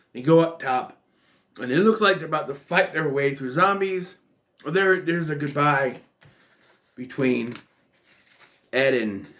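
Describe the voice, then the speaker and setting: Male film vlogger, easygoing rambling recap, mid-pitched, talks loosely with fillers. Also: a bit bright. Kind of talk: casual spoken movie recap.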